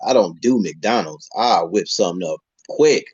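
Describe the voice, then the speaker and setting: Husky man hosting, dull dry sound. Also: deep voice, animated, moderate pace, darkish tone, dry recording. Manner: affirming, slangy, profane. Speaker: podcast host. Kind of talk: casual live-stream chat.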